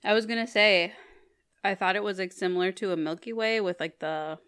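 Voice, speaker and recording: A woman's voice: mid-range voice, a little fast, fairly bright tone, smooth. A woman co-hosting a podcast in casual chat, easygoing and giggly, laughing often. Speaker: podcast co-host.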